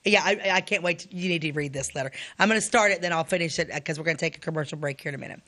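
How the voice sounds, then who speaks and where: A woman's voice: low-pitched, very fast, hardly any pauses, sharp tone. A woman in her fifties from Illinois, co-hosting a casual local-history chat, rambling and restarting her sentences, sometimes reading a letter aloud. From Illinois, USA. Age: 50s. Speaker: podcast co-host.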